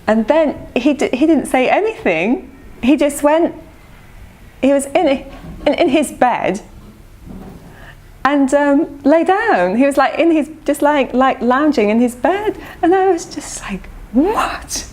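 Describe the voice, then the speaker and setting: A middle-aged woman recounting personal memories of her spiritual teacher in a lively, anecdotal way, often breaking into laughter. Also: sits high, slow pace, pauses often. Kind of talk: personal storytelling.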